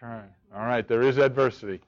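Man, Bible study teacher, halting delivery, repeated questions, muffled recording. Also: medium pitch, steady tone. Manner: halting, repeats and restarts words, asks rhetorical questions. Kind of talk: teaching a church study group. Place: room with a group of listeners.

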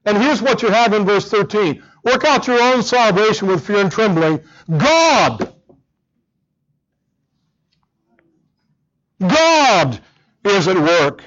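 A man's voice: sits high, normal speed, hardly any pauses, a bit bright, highs cut off. A man preaching a sermon, earnest and emphatic, often repeating words as he drives a point home. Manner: earnest, emphatic, with frequent repetitions.

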